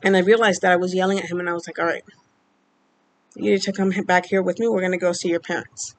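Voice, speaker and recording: A woman vlogger casually telling a personal story, rambling and halting with many fillers, sounding upset and emotional. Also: fairly low pitch, little pitch movement, poor audio. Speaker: vlogger keeping a mood journal.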